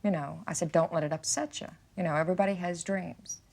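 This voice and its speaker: Interviewee, woman, very low voice, plain conversational retelling. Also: fairly even intonation, quick pace, creaky, a little mellow. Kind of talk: recounting a personal experience.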